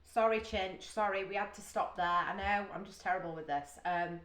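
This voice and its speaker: British lady gushing through a music reaction, lowish voice, echoey room. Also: steady tone, moderate pace, a bit bright, slight background noise. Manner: emotional, exclamatory, thinking aloud with gasps and sighs. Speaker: music reaction video host. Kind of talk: casual reaction commentary. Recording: roomy echo.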